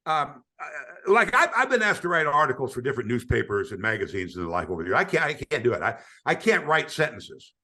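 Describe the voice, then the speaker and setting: Animated older male storyteller, bright voice. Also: medium pitch, fast, hardly any pauses, slightly rough. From United States. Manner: animated storyteller, acts out quoted voices, frequent stammering restarts. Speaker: retired sportscaster guest. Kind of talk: storytelling in a podcast interview.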